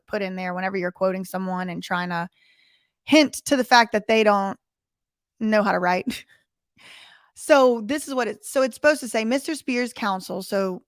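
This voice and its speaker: A woman's voice: on the high side, fairly bright tone, no room sound, studio quality. A woman giving casual, sassy commentary as she reads court documents aloud and explains legal terms. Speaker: commentary channel host.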